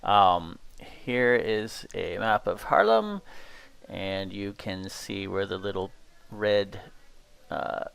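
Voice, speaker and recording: A man running a tabletop horror game as game master, describing scenes in an unhurried way with many fillers. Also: on the low side, lively intonation, creaky, fairly bright tone, clear, resonant tone.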